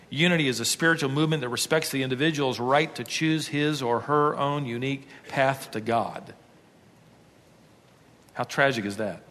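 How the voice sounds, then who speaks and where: A man preaching a sermon, emphatic, building his points to forceful peaks. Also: medium pitch. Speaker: pastor. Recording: long hall reverb.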